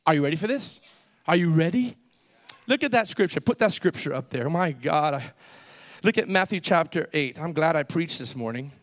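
A pastor preaching a lively sermon, with call-and-response and quick asides to the congregation. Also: male voice, on the high side, no echo.

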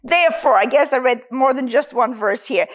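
A woman preaching a sermon and quoting scripture, slow and emphatic. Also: high voice, lively intonation.

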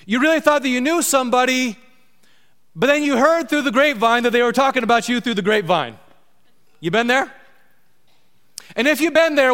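Bright high-voiced male preacher in a hall. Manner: emphatic preacher, repeats lines for stress. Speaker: pastor. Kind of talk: sermon. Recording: long hall reverb.

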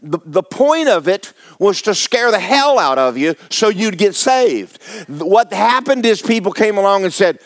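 A man's voice: sits high, sing-song, measured pace. A man, preaching a folksy, joking, emphatic sermon as pastor. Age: 70s.

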